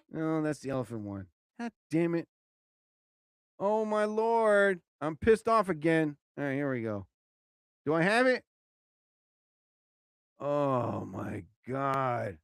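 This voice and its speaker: Animated rambling male live-show host. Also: a little high, slow pace, gravelly, long pauses, clear, resonant tone, no echo, studio quality. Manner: animated, rambling, exclaims loudly. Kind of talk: casual live-stream monologue.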